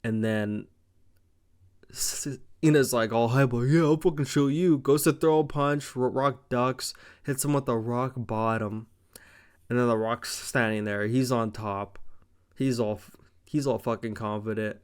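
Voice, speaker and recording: A young man casually recapping a wrestling show, rambling, excited and profane. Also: mid-range voice, unhurried, clear, resonant tone. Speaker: wrestling reviewer.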